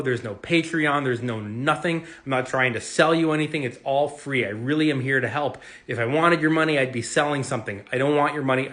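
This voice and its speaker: A man giving energetic, reassuring investing advice straight to camera, acting out quick reactions as he goes. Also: mid-range voice. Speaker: investing video creator. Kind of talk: direct-to-camera finance talk. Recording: roomy echo.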